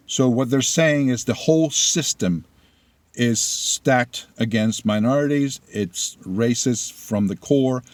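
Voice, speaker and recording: A middle-aged man, a native Spanish speaker, delivers blunt political commentary in a slow, deliberate way. His voice sits at an ordinary pitch for a man. The sound is dry and close, with no room echo. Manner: deliberate, blunt, opinionated storytelling. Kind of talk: opinion monologue.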